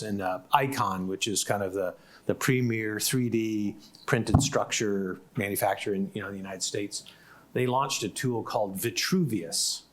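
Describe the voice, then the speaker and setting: A man moderating a casual panel discussion, telling an animated story and acting out what others said. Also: fairly low pitch.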